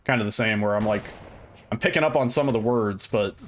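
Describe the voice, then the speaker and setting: Guy streaming a game, rambly casual chat, swears a bit, low music behind. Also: brisk.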